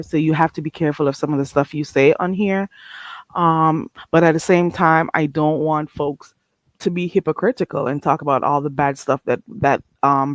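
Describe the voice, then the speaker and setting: A woman's voice: on the low side, no room sound. A woman hosting a casual livestream, talking bluntly, swearing freely and answering her chat. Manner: reads chat aloud and answers it. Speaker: livestream host.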